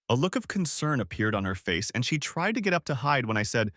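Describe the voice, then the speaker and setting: Man, first-person story narration, animated intonation, dry studio sound. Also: mid-range voice, brisk, hardly any pauses, no echo.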